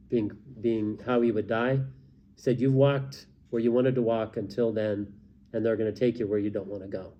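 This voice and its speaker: A man's voice: mid-range voice, mellow, slight background noise. A man co-hosting a casual faith discussion, talking in loose rambling sentences with frequent restarts. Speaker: co-host.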